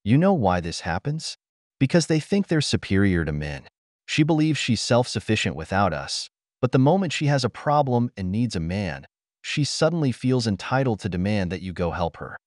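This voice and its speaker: A man with a lowish voice narrates scripted commentary as the channel host. His delivery is blunt and opinionated, with lively swings in pitch. The sound is very dry and close. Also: moderate pace, no room sound.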